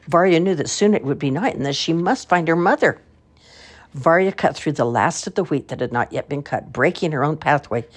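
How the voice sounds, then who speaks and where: An older woman with a husky voice reading a children's story aloud with expression. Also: sits low.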